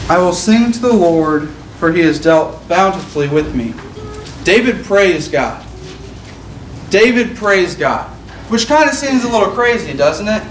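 A man's voice: sits high, slight background noise. A man preaching an earnest sermon, reading scripture aloud and restating it in plain words. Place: church sanctuary. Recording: echoey church room, mic at a distance.

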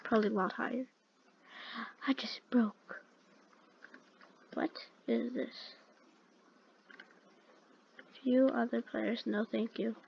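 A woman hosting a gaming video, talking through each move aloud and easily alarmed, often repeating "no, no, no" in quick streams. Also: on the high side, steady tone, creaky, dull audio, slight background noise. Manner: chatty, talks through every move aloud. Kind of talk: let's-play game commentary.

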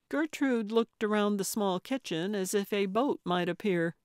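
A woman narrating a cozy mystery audiobook in a measured, even storytelling voice. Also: mid-range voice, smooth, no room sound. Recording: dry close studio recording.

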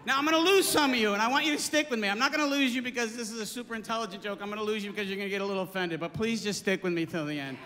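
A male stand-up comedian telling a true story on stage, animated, swearing freely and jumping into character voices. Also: high-pitched, rapid-fire, hardly any pauses. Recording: reverberant club with clear background noise.

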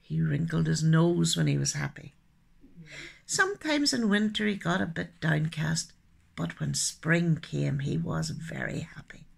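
A woman telling stories to children, her voice husky and strongly gravelly. She swings her pitch widely, lingers on lines and sometimes drops into hushed asides. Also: unhurried. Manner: expressive, with soft hushed asides. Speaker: storyteller and poet. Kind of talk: children's storytelling.

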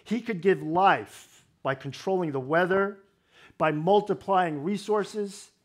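A man preaching a sermon in a slightly high voice, walking through scripture in a conversational way. Touches of wry humor ease the explanations. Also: slow pace. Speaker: pastor.

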